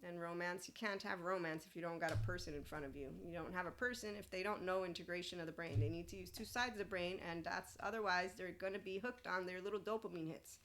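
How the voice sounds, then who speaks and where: A woman's voice: lowish voice, fast talker, hardly any pauses, fairly bright tone, a little hiss or hum. A woman hosting a spiritual self-help podcast, talking in a blunt, opinionated monologue and swearing freely. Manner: reads an AI answer aloud and responds to it. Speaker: podcast host.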